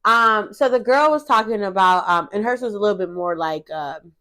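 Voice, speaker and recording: A woman's voice: mid-range voice, moderate pace, pushed and bright. A young adult woman co-hosting a podcast in loose, slangy casual chat, laughing and swearing casually. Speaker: podcast co-host.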